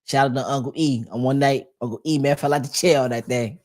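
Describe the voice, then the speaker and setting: A man's voice: medium pitch, steady tone, quick pace, darkish tone. Man, podcast host, casual chat, slangy, laid-back, frequent restarts. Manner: loose slangy talk with many restarts and fillers.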